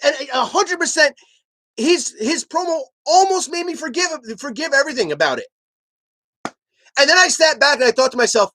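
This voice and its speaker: A live stream host giving heated commentary, arguing emphatically with chat and rising to near shouts. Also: sits high, normal speed, no echo. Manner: animated ranting, emphatic and repetitive.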